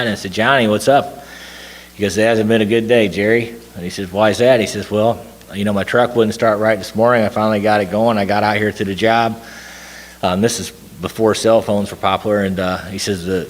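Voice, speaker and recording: A man telling a long personal story to a recovery group, rambling with fillers and restarts. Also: on the low side. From Tennessee. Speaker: recovery meeting speaker. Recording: long hall reverb.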